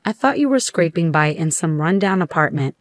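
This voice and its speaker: A woman's voice: deep voice, lively intonation, fairly quick, no room sound. A woman reading the lines of a condescending, overbearing middle-aged mother in a storybook tale. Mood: scornful. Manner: scornful, demanding.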